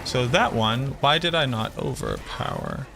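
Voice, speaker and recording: A man's voice: mid-range voice, wildly swooping pitch, measured pace, creaky, over music. A man from the Boston area streaming a game, thinking aloud and chatting with viewers as he plays. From Boston area, USA. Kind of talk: live-stream gameplay commentary.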